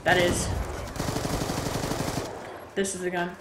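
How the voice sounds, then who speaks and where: A woman giving live gameplay commentary, excitable and swearing often, with sudden yelps when in danger. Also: lowish voice, slow pace, very noisy. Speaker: gaming channel host. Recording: loud game gunfire over voice. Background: game gunfire and explosions.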